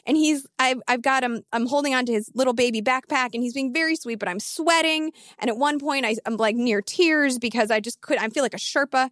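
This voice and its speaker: A woman in her thirties, a fantasy football analyst telling an animated, emphatic story in casual podcast talk. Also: sits high, no echo, studio quality. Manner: animated, emphatic, quick asides.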